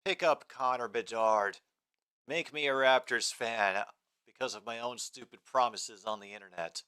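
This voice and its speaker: Bright, crisp-voiced male stream host. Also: mid-range voice, moderate pace. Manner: rambling, reads and answers chat comments. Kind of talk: casual live game commentary.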